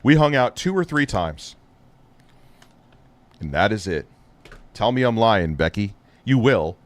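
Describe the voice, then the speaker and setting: A man's voice: lowish voice, big pitch swings, unhurried, dry recording. A man hosting a live stream, ranting with heavy profanity and biting sarcasm. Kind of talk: heated live-stream rant.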